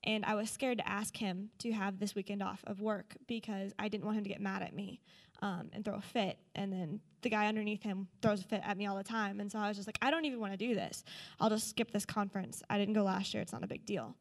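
A woman's voice: mid-range voice, fairly even intonation, quick pace. A young woman telling a personal testimony to a church group, earnest and full of fillers. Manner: earnest storytelling, many fillers. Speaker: church member sharing a testimony.

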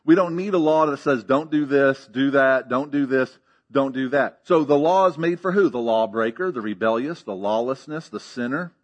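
A man's voice: mid-range voice, moderate pace, dull audio. A man preaching a sermon as pastor, teaching emphatically with rhetorical questions and frequent checks of "okay?".

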